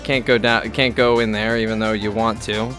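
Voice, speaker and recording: A man's voice: on the low side, little pitch movement, fairly bright tone, soft background music. Rambling young man narrating gameplay. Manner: rambling, halting, full of fillers and restarts. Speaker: gameplay commentator. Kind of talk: casual let's-play commentary.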